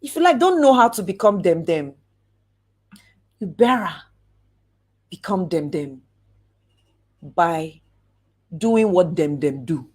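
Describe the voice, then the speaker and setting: A woman giving a lively motivational talk, acting out examples and drawing out words for emphasis. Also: lowish voice, breathy edge. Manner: animated, acts out examples, slow drawn-out emphasis. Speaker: speaker coaching on networking.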